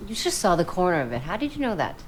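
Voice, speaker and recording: A woman's voice: fairly low pitch, very animated, fast talker, a little hiss or hum. An actress playing a suspicious, defensive young woman in a film clip. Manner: wary and sharp.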